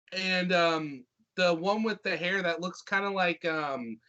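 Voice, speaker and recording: Brief: bright, high-pitched young man, loose joking podcast co-host. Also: slow pace. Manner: joking, rambling, profane, drops into put-on voices. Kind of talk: casual review chat.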